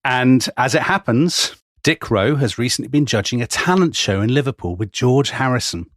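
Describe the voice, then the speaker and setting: A man's voice: mid-range voice, lively intonation, normal speed, no echo, clean studio sound. A man co-hosting a history podcast, telling the story in a wry, chatty way and often laughing as he goes. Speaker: podcast co-host.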